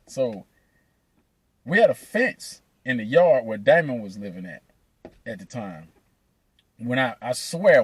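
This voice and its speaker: A man telling a profane, animated story, laughing between lines. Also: mid-range voice, husky, no room sound. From Atlanta, USA. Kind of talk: casual storytelling.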